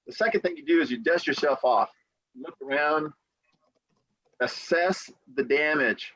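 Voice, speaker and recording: On a podcast, a man who practices real estate law offers motivational advice as a lively storyteller, performing quotes and repeating important phrases for emphasis. His slightly rough voice sits on the high side at a moderate pace, captured in a dry, muffled recording.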